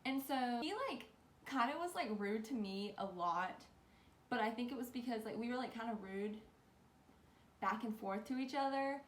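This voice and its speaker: A woman's voice: a little high, moderate pace, background noise. Chatty young woman with a rambling storytime. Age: young adult. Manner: rambling, lots of "like", animated. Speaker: vlogger. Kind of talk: casual storytime. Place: bedroom. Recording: echoey room with faint ambience.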